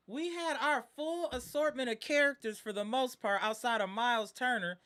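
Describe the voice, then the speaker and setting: Guy ranting on his live stream, high bright voice, totally fed up fan, keeps repeating himself. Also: sing-song, moderate pace, hardly any pauses. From Wisconsin.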